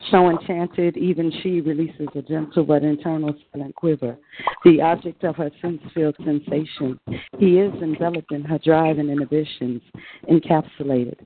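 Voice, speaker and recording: A woman calling in to perform spoken-word poetry, slow and sultry, and losing her voice. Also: sits low, steady tone. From Illinois. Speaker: poet and caller. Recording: tinny phone line with faint noise.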